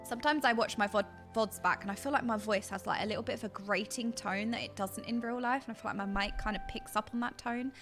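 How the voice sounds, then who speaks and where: Bright, chatty British woman streamer; excitable, talks to chat over faint music. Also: mid-range voice, fast talker, few pauses. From Britain. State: dry throat. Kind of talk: casual chat with live stream chat. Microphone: desk mic.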